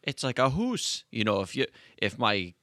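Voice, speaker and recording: A man's voice: mid-range voice, very animated, moderate pace, fairly bright tone, no echo, clean studio sound. A man voicing a chatty rural woman shuttle driver in a loose French Canadian accent, rambling and repeating herself. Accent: loose French Canadian impression.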